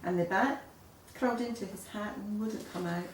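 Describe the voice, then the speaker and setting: A woman reading a children's picture book aloud in an expressive storytelling manner. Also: medium pitch, normal speed, slight background noise. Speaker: storybook reader. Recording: echoey room, voice a bit far off.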